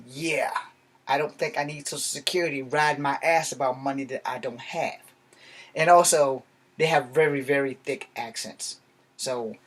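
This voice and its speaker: A man from Virginia talking straight to his viewers in a rambling, profane rant, blunt and heated. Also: mid-range voice. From Virginia, USA. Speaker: vlogger. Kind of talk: casual ranting monologue.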